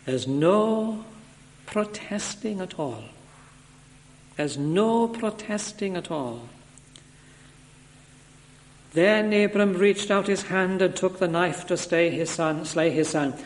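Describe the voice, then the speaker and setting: High-voiced earnest male preacher. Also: lively intonation. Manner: earnest, measured, emphatic repetition. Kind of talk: expository sermon.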